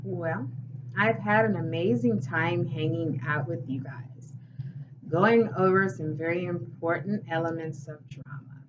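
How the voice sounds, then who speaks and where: Slow, deliberate woman teaching theatre. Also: lowish voice. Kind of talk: recorded classroom lesson. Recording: dull, distant recording with faint hiss.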